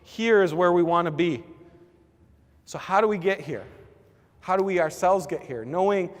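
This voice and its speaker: A man's voice: high-pitched, moderate pace, long pauses, in a large hall. A man leading a church team's training session in a casual, conversational teaching style, full of "like" and "kinda". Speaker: church team leader.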